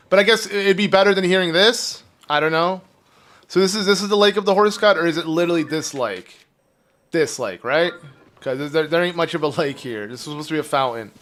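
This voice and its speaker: A man streaming a game live, chatting casually and rambling to his viewers while his phlegmy throat keeps needing clearing. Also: fairly high pitch, brisk, a bit bright. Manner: rambling, chatty, talks to chat. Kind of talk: casual live gameplay commentary.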